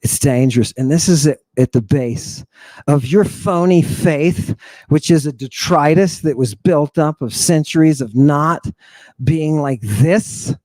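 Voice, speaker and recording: A man's voice: fairly high pitch, a little slow, darkish tone, dry recording. A man hosting a talk show, lecturing on ancient texts in a theatrical, mocking way, full of rhetorical questions and asides. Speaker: podcast host.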